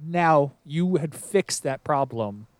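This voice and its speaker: Man, podcast co-host, casual chat, slightly high voice, dry close sound. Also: animated, slow, no echo.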